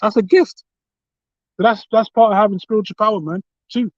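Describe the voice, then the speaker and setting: A man's voice: high-pitched, fairly even intonation, brisk, no echo, muffled recording. A man with a London accent in a casual religious discussion, talking fervently and often saying "man" and "you know". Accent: London English. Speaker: co-host.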